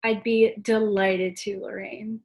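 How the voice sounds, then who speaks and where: A woman's voice: medium pitch, slow. A young woman acting a dry, sardonic secretary in a school play read over a video call. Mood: wry. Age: teens. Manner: deadpan, wry. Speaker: student actor. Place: at home.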